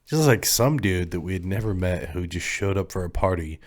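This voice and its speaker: A man with a low, deep voice chats casually as a podcast co-host. He rambles through old memories, laughs easily and lets his voice drop away at the ends of thoughts. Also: expressive, moderate pace. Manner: rambling, laughs often, trails off quietly. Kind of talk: casual chat.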